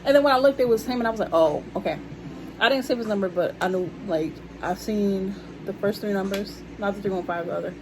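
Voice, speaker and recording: A woman's voice: mid-range voice, quick pace, hardly any pauses, noisy background. A young woman chatting casually to her viewers about her life, calling them y'all. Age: young adult. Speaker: vlogger telling a story. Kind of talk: casual storytime chat.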